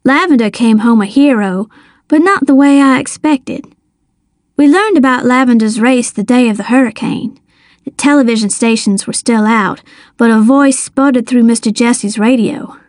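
A woman reading a first-person novel aloud with lively, expressive storytelling. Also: a little high, moderate pace, dry recording, clean studio sound. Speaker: audiobook narrator. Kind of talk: scripted first-person narration.

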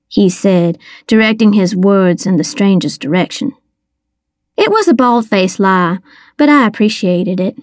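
A woman reading a first-person audiobook, with measured, wry storytelling. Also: mid-range voice, no echo, clean studio sound. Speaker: audiobook narrator.

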